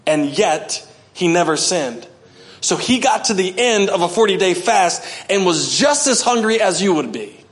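A man preaching a sermon as pastor, animated, often acting out voices and swinging from loud to hushed. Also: high-pitched, measured pace. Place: church.

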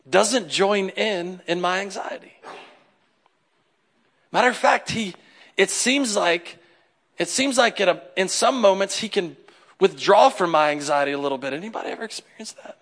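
Brief: male pastor, bright and high-voiced, who jokes with the congregation during the sermon. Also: normal speed. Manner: joking, talks straight to the congregation. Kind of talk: humorous conversational sermon.

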